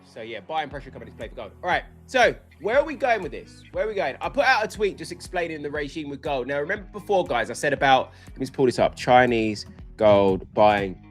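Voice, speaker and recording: A young man hosting a live trading stream, chatting and rambling casually, with excitable bursts of laughter. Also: a little high, fast, few pauses, faint music behind.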